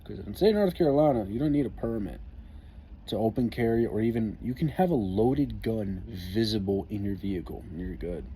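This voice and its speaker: A man's voice: lowish voice, expressive, brisk, warm tone, slight background noise. A man telling a story in a casual vlog, profane, wry and laid-back, as an army veteran.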